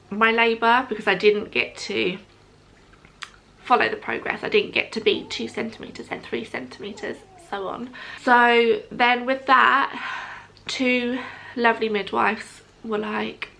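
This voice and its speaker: A woman's voice: on the high side, a little slow, vocal fry, sharp tone. A young adult woman telling a personal story to camera in a chatty, casual way, with frequent ums, often quoting what others said. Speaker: vlogger.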